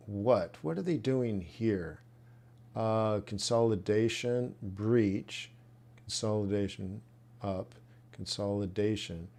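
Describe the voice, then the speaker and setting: A man coaching traders in a live webinar, thinking aloud and reacting bluntly as he reviews trade plans. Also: fairly low pitch. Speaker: trading coach. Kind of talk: live trading webinar commentary.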